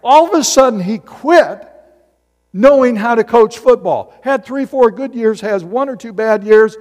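A middle-aged male pastor delivers a sermon in a church sanctuary with an extremely high-pitched voice, speaking a little slowly. He is animated and keeps posing rhetorical questions to the congregation, all wrapped in long hall reverb.

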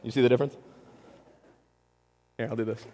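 Guy preaching, lively, acts out the quotes, echo trailing in a big hall. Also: medium pitch, fairly quick. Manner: animated, acts out quotes, talks to audience. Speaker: pastor. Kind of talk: sermon.

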